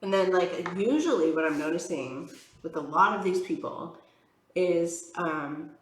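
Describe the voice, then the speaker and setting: A woman's voice: fairly low pitch, lively intonation, unhurried, slight background noise. Chatty woman rambling with fillers in an echoey room. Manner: frank and exasperated. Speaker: tarot reader. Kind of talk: casual chatty vlog while doing makeup.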